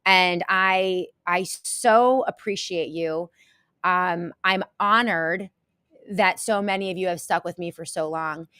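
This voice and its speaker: Woman, live show host, tearful, halting, emotional, lowish voice, dry sound. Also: pushed and bright, smooth, no echo. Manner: halting and emotional, many pauses and restarts. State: tearful, close to crying. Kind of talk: casual live-stream talk to viewers.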